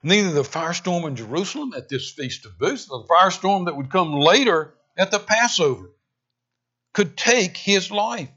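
Preaching at a moderate pace, this male pastor has a husky yet bright voice whose pitch bounces animatedly for emphasis. Forceful, loud stretches give way to hushed, intense moments, all captured on a muffled, dull-sounding recording.

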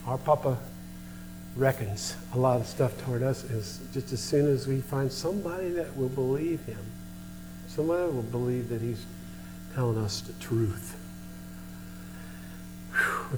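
A man's voice: on the high side, moderate pace, long pauses, in a large hall, noisy background. An older man preaching a sermon, impassioned and repetitive, with folksy storytelling asides. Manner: impassioned preaching with repeated rhetorical questions. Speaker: pastor.

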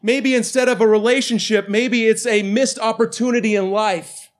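A man's voice: high-pitched, fairly even intonation, moderate pace. A man in his late thirties, a pastor giving a sermon to his congregation in a conversational, self-deprecating way. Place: church before a live congregation.

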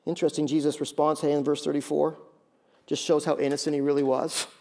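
A middle-aged man preaching a sermon as pastor, dramatic and often dropping to a hushed tone. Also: on the high side, little pitch movement, fast, gravelly. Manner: dramatic, acts out quoted voices, drops to hushed tones.

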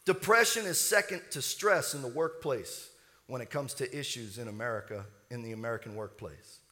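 A man's voice: medium pitch, moderate pace, sharp tone. A man preaching a sermon as pastor, building with rising fervor and leading the congregation in call-and-response.

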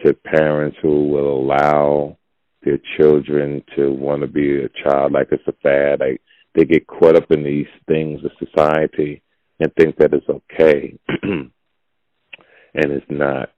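This male podcast host, unhurried and monotone, lays out his opinions in a blunt, preachy monologue, casual in style, his voice gravelly and low. The lo-fi recording is dull and has no room sound.

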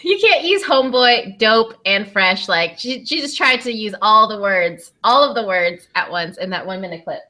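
A woman's voice: medium pitch, lively intonation, normal speed, few pauses, sharp tone. A woman co-hosting a podcast in casual chat, playful and laughing often. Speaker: podcast co-host.

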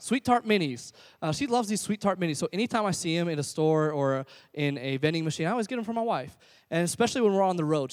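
A man preaching a sermon, telling stories and swinging between loud animated passages and hushed ones. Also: sits high, long reverb tail. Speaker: pastor.

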